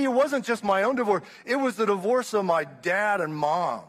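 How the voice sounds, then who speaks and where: A man around sixty preaches to his congregation with a notably high, ringing voice. He tells his story with passion, often restarting his sentences. His words roll out into the long echo of a church hall. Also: normal speed, a bit bright. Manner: impassioned storytelling with frequent restarts. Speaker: pastor. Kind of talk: sermon testimony.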